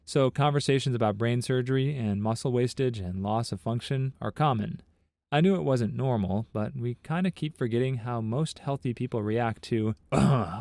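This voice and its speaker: Guy narrating reddit-style stories, even steady read, mid pitch, dry sound no room. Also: dry recording. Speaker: narrator of online story compilations. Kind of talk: scripted narration of reader stories and comments.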